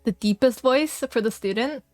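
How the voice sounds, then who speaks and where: A woman's voice: on the high side, moderate pace, dry recording, clean studio sound. A woman streamer chatting playfully and reading game text aloud, giggling often. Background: faint music.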